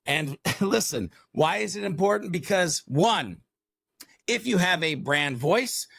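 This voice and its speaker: A man with a fairly high voice co-hosts a podcast with bursts of energy. He rambles and leans on fillers as he builds his points. The recording is dry and close. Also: lively intonation, takes it slowly, gravelly, a bit bright, no echo. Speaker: podcast co-host. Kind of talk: enthusiastic podcast talk.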